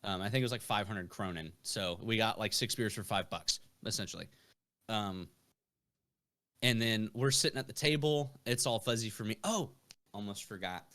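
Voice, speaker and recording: A man's voice: fairly low pitch, moderate pace, fairly bright tone. A young man who is a podcast guest, telling rambling anecdotes full of fillers and swearing. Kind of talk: casual storytelling.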